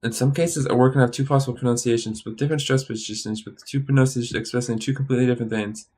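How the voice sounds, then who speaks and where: A tired man studying on a stream, thinking aloud in a halting, muttering way and sounding out practice words. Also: mid-range voice, fairly even intonation, darkish tone. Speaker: language learner streaming study.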